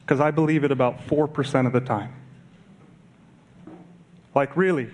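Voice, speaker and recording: A man's voice: medium pitch, moderate pace, darkish tone, slight background noise. A man preaching a sermon in a conversational way, asking the congregation rhetorical questions. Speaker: pastor. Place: church service.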